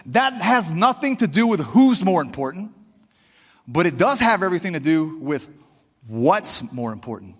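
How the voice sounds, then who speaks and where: High-voiced preacher, fervent. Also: male voice, sing-song, normal speed, long reverb tail. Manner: fervent, conversational, talks straight to the congregation. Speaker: pastor. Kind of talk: sermon.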